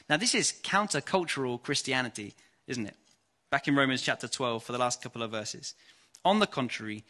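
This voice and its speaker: An English man preaching an earnest, measured evening sermon and reading scripture aloud. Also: medium pitch, sharp tone.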